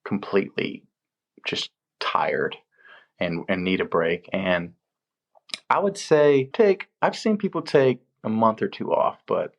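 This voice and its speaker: A man with a slightly low voice tells stories from a film set in a relaxed interview. He acts out the people he quotes with lively jumps in pitch, then settles back into easy storytelling. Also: slow, creaky, highs cut off. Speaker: film location manager, guest.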